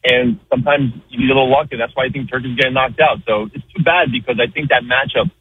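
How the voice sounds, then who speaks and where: Fast-talking man on a phone line. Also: mid-range voice, steady tone, breathy edge. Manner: filler-heavy, earnest. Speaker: radio caller. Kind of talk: casual call-in chat. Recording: tinny phone line with faint noise.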